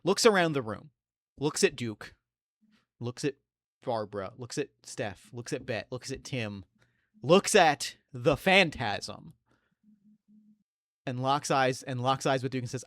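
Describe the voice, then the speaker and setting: A man's voice: mid-range voice, lively intonation, unhurried, pauses often, fairly bright tone, no echo, studio quality. A man narrating a tabletop role-play as game master, in a loose, searching way with many fillers.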